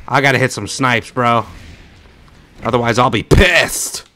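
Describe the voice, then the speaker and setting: A young man streaming a shooter game, talking casually and trash-talking loudly, swearing, with sudden shouted outbursts. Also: mid-range voice, a little slow. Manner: loud, excitable trash talk, swearing, bursts of shouting. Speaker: gaming streamer. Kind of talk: casual gameplay commentary.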